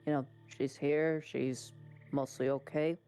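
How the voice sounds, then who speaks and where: A woman voicing a caring young man who speaks softly and hesitantly. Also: very deep voice, level tone, measured pace, smooth, soft background music. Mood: concerned. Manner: soft, hesitant. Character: gentle caring young man, worried companion.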